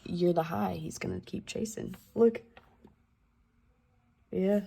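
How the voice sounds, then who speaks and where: A woman's voice: fairly low pitch, slow, vocal fry, very noisy. A woman giving a casual tarot reading, loose and profane, with slangy asides and the odd drop into a whisper. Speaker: tarot reader.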